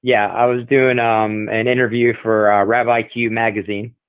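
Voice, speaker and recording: A man co-hosting a wrestling podcast, chatting casually with deadpan, self-important jokes, heard through a tinny phone-like sound. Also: fairly low pitch, moderate pace, clean tone, no echo. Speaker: podcast co-host. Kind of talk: casual chat.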